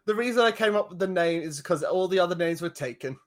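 A man with a fairly high speaking voice co-hosts a podcast. He talks in a loose, casual way. His humour is wry and self-mocking, and he laughs often. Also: fast. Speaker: podcast co-host. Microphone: podcast microphone, audio only.

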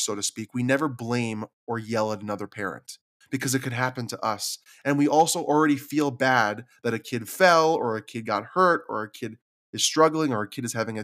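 His voice mid-range and a bit bright, the podcast host reflects alone on his struggles in an earnest, confiding manner, at times repeating words when moved.

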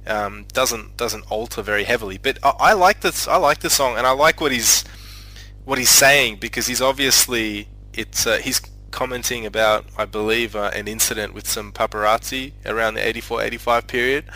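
Bright-toned man leading a chat. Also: medium pitch, moderate pace, low-quality recording. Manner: hesitant, many fillers and restarts. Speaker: discussion host handing out turns. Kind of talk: casual music discussion.

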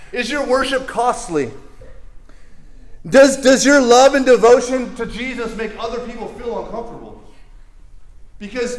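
A young male preacher with a high voice delivers an energetic, playful sermon in a church. He jokes with the congregation and leads them in call-and-response. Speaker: youth pastor.

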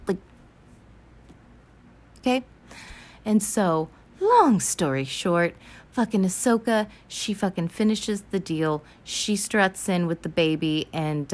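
Lower-voiced woman swearing through a recap. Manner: chatty, profane, animated retelling. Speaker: vlogger recapping an animated film. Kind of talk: casual recap chat.

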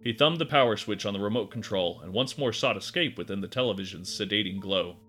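A man narrating a dark story in a measured, expressive way. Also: lowish voice, soft background music. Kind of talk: dramatic audiobook narration.

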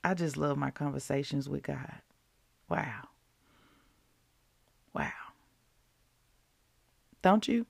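A woman's voice: low voice, slow, gravelly, pauses often, husky, no room sound. A woman hosting a devotional podcast, chatting casually and asking the listeners rhetorical questions.

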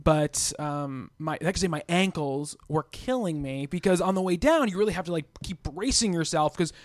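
A man's voice: on the high side, normal speed, no room sound. A man co-hosting a podcast, talking in an easygoing, rambling way with many restarts on a close mic. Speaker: podcast co-host. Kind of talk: casual chat.

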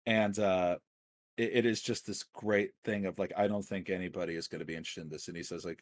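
A man's voice: low voice, steady tone, quick pace. A man co-hosting a casual film discussion, talking with enthusiasm and rambling through many fillers. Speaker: podcast co-host.

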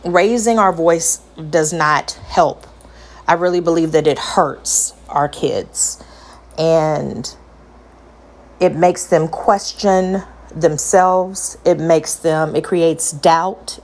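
A middle-aged woman with a high voice, talking earnestly about parenting and repeating phrases for emphasis. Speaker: parent sharing advice. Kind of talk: personal talk to camera.

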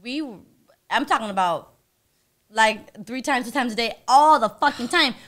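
A woman with a high, bright voice that swings widely in pitch. She talks in a brash, profane way and laughs her way through stories in casual conversation. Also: animated, normal speed. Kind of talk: casual chat.

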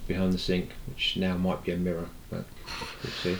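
A man from Wales chatting casually and telling animated anecdotes, acting out both sides of conversations. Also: deep voice, normal speed, gravelly, a crowd in the background. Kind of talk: casual chat. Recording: roomy echo, faint noise.

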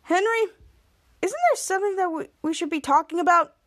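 A woman's voice: very high-pitched, brisk, a bit bright, voice pushed up. A woman voicing an overbearing, goofy adult male superhero who lectures in a fussy, parental way. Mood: bossy, chipper.

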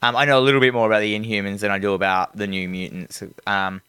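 A man's voice: on the low side, flat delivery, quick pace, bright, forceful tone, clean tone, no room sound. A man co-hosting a podcast, recapping a film in casual chat, rambling and swearing freely with slang and fillers. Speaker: podcast co-host.

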